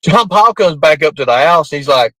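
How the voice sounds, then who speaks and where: A man's voice: a little high, animated, moderate pace, a bit bright, no echo, rough recording. A man telling a rambling story casually, laughing often and cursing freely. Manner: rambling, laughing through the tale, coarse language.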